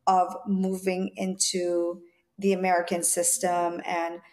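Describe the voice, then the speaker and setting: A woman in her forties, born in Jamaica, speaks with a light Jamaican lilt. She tells her childhood stories in a lively way and slips into the voices of the people she quotes. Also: on the low side, slow. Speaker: stylist guest. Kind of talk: interview storytelling.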